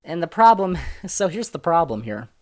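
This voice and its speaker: A man hosting a solo sports podcast, talking in an opinionated, emphatic way that jumps between loud and soft. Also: a little high, sing-song, normal speed. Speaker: podcast host.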